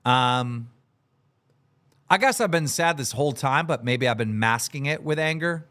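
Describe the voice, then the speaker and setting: A man hosting a livestream podcast, shouting out supporters in a sing-song hype voice and then talking low and downbeat. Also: measured pace, slight background noise. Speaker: podcast host. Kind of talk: livestream podcast chat, reading out supporter names.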